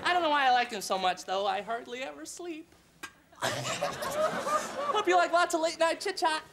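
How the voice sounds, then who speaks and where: A woman's voice: high-pitched, sing-song, a little slow, a loud crowd, very noisy, heavily acted. A woman playing a goofy, over-eager young male college freshman in a comedy sketch, chipper and rambling. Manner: overly chipper, dorky, rambling.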